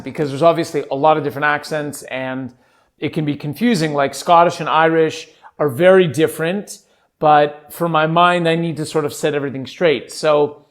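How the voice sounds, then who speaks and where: A man hosting a solo podcast, chatting casually in a goofy, rambling, self-amused way. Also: on the high side. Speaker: podcast host.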